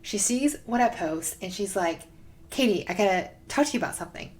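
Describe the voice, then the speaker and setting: A young woman hosting a faith podcast, telling stories in a casual, excited way with lots of "like". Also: medium pitch, brisk. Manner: excited, gushing, heavy use of "like". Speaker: podcast host.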